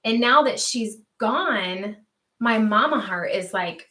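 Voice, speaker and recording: Bright-voiced woman hosting a livestream. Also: a little high, expressive, slow. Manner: chatty, earnest, laughs easily. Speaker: homestead livestream host. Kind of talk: casual livestream chat reading comments.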